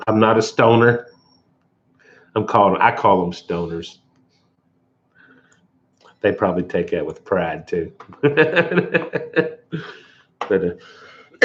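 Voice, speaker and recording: A man's voice: on the low side, muffled recording. Rambling folksy man on a live stream. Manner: rambling, chuckles often, folksy. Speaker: outdoor channel host. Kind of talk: casual live-stream chat.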